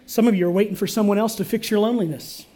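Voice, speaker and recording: A male pastor preaching a sermon in church, calling on the congregation to respond and swinging from loud to hushed. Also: high-pitched, steady tone, rapid-fire.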